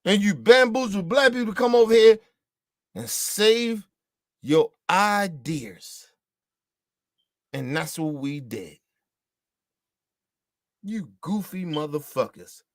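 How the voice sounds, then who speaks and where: A man's voice: high-pitched, expressive, slow pace, pauses often, no room sound, clean studio sound. A man from the United States delivering a heated, profane, repetitive ranting monologue as a show host.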